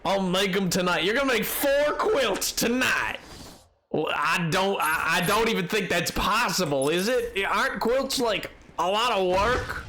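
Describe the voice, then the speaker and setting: Animated man streamer with a cold. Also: high voice, creaky. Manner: animated, exasperated, joking with chat. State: has a cold. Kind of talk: live gameplay commentary.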